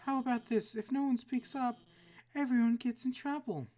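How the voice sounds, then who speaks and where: A woman's voice: fairly high pitch, steady tone, normal speed, mellow, pitched above the performer's own voice, close to an everyday voice. A woman voicing a timid female lizard teacher who stammers and hesitates. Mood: flustered.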